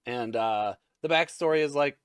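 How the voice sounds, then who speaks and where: A man's voice: mid-range voice, moderate pace, clear, resonant tone, no room sound, studio quality. A man hosting a casual episode recap, rambling, crude and jokey. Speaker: anime recap host.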